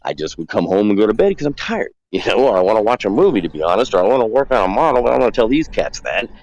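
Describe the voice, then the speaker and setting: A man's voice: on the low side, sing-song, rapid-fire, darkish tone, low-quality recording. A man telling a long, rambling story on a talk show as a guest, acting out the quoted dialogue. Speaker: guest calling in. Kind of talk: casual storytelling.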